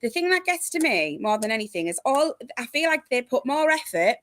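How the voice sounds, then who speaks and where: A woman's voice: sits high, very animated, a little fast, a bit bright, no room sound, studio quality. A woman football fan complaining in exasperation during casual chat.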